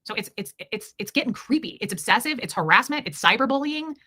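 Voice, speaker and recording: A woman's voice: on the high side, expressive, quick pace, bright, forceful tone, husky. A woman hosting a casual livestream, answering chat in a blunt, indignant way with repeated emphasis. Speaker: livestream host reading chat.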